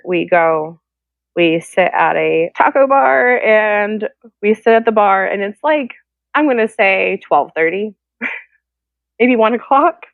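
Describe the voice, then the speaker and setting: A woman's voice: medium pitch, gravelly, dry recording. A woman telling her own story candidly and emotionally, acting out what others said. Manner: emotional, quotes people in their own voices. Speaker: guest sharing her story. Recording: tinny phone-like line, dry.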